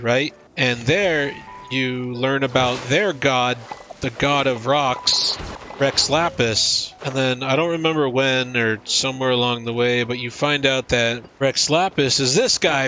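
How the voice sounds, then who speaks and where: A man's voice: medium pitch, measured pace, pushed and bright, soft background music. A man giving a casual comedic recap of a game story, rambling and irreverent, swearing freely and admitting what he forgets.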